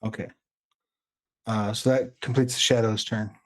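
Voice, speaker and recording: A man acting as game master for a tabletop game, relaxed, chuckling often as he narrates and sorts out rules. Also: fairly low pitch, measured pace. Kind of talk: running a tabletop game over stream.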